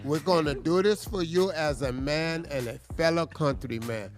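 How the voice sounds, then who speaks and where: A man's voice: a little high, moderate pace, faint music behind. A man hosting a radio morning show, teasing callers with joking, mock-indignant rants. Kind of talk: comedic radio banter. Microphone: studio microphone.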